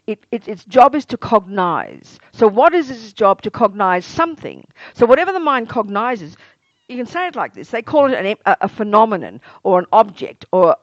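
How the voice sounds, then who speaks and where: Woman meditation teacher giving a talk, bouncy expressive voice, keeps asking the audience questions, dry dull lo-fi sound. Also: medium pitch, dry recording. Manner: animated, asks listeners many rhetorical questions; acts out everyday exclamations to make points.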